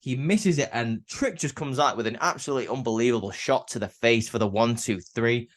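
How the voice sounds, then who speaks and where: A man's voice: mid-range voice, a little fast. A man casually recapping a wrestling show, talking loosely with lots of fillers and restarts. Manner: chatty, many fillers and restarts.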